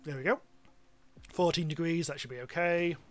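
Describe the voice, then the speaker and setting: British man, game streamer, fairly high voice, rambling and chatty, faint music behind. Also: fairly even intonation, normal speed. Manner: rambling, chatty, swears casually. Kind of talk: casual live-stream commentary.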